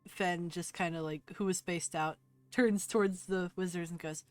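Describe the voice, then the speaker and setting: A woman running a tabletop game as game master, playful and quick to laugh. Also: on the low side, fairly even intonation, darkish tone, smooth, no echo, faint music behind. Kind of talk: narrating a tabletop game on a livestream.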